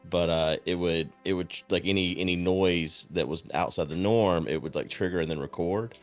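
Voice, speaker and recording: A man streaming and chatting casually, telling a story in a deadpan way with lots of swearing, acting out quotes. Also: low voice, moderate pace, soft background music. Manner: profane, deadpan. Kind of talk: casual chat.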